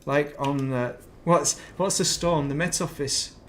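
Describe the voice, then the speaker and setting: A man's voice: fairly high pitch, unhurried, fairly bright tone, a little hiss or hum. A man chatting casually while playing a game on stream, rambling between topics with self-deprecating asides at his desk mic. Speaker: gaming streamer.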